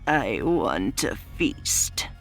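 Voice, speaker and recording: A woman voicing a hungry male wolf creature with a raspy, hissing voice, drawn out slow and deep. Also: sing-song, a bit bright, soft background music, heavily acted. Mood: growling hungry.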